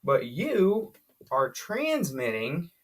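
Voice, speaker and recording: A lively, emphatic explainer walks through radio gear in a casual whiteboard lesson. The voice sits at an ordinary middle pitch and keeps hammering points home by repeating them. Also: drawn-out words.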